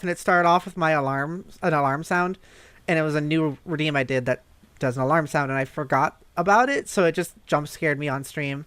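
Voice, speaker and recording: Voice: medium pitch, normal speed, fairly bright tone, clear, resonant tone, no echo. A VTuber streamer chatting casually while gaming, chatty and a bit self-conscious.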